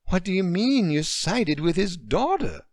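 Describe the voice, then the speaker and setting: A man voicing an excitable, overanimated adult woman friend who giggles as she talks, in a storybook reading. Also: on the low side, measured pace, no room sound, clean studio sound, voice pushed up. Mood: eager.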